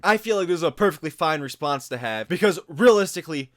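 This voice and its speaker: A man's voice: a little high, animated, fast, a bit bright. Sarcastic young man doing commentary. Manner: sarcastic, exasperated, repeats words. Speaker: commentary YouTuber. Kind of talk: casual commentary.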